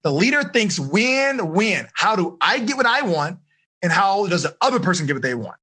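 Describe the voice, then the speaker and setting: This American man, a life coach running an energetic live seminar for teens, has a high, bright, slightly husky voice and a moderate pace. He animatedly coaxes the room for high fives and answers, acting out short scenes with quoted voices to drive points home.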